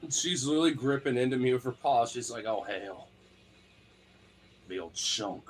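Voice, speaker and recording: A man chatting casually and baby-talking to his cat, jumping into a high squeaky pet voice. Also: lively intonation, fast talker, slightly rough.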